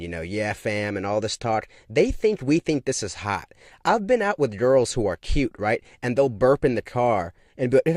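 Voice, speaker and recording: A man's voice: mid-range voice, big pitch swings, moderate pace, a little mellow, dry recording, clean studio sound. A man delivering a casual monologue full of emphatic, repeated rhetorical questions. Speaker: online commentator.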